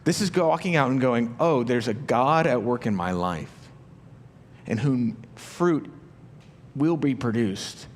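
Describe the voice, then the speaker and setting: A man's voice: mid-range voice, expressive, a little slow, long reverb tail, slight background noise. A man preaching a sermon as a pastor, talking conversationally with rhetorical questions and acting out the inner voices of his listeners. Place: church auditorium.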